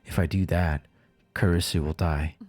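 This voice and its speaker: Low-voiced guy reading visual novel lines out loud, cracks crude jokes, dry close sound. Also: normal speed, no echo. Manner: reads lines flatly, then breaks off into crude joking asides. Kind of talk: casual game playthrough with read-aloud dialogue.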